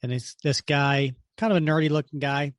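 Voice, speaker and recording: A man co-hosting a podcast in casual chat, animated and argumentative, laughing often. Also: a little high, fairly quick, no room sound, studio quality. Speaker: podcast co-host.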